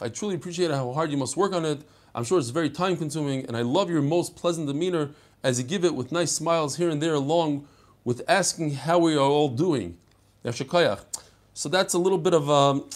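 An older man teaching a daily Talmud class, chatty and digressive, mixing Hebrew and Yiddish terms into his talk. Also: on the high side. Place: study hall.

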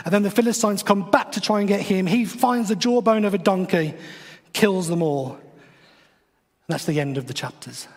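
A man's voice: sits high, moderate pace, big-room sound. A man, retelling a Bible story in a chatty, wry way with playful asides, as a podcast host. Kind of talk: casual devotional storytelling.

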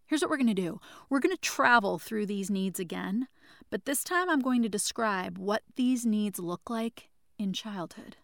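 A woman's voice: mid-range voice, animated, moderate pace, creaky, fairly bright tone, dry recording, studio quality. A woman hosting a spoken lesson, talking emphatically and repeating key points while addressing listeners as friends. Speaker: podcast host teaching about mental health. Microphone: studio microphone.

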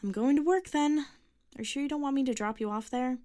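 A woman voicing a tired, patient mother who asks gentle questions. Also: high-pitched, fast, pitched above the performer's own voice, natural voice. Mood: concerned.

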